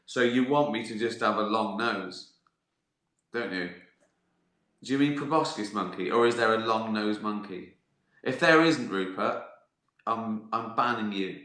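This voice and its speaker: A man with a lowish, bright, forceful voice hosts a live stream from an indoor room with roomy echo, speaking unhurriedly with long pauses. He answers viewer questions in a sweary, laughing comic monologue, riffing on absurd ideas.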